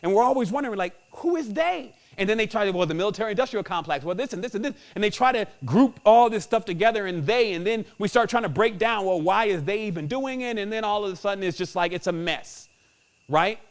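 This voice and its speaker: A man's voice: sits high, fast talker. A man hosting a spiritual podcast, talking in a slangy, emphatic way and chuckling often. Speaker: podcast host.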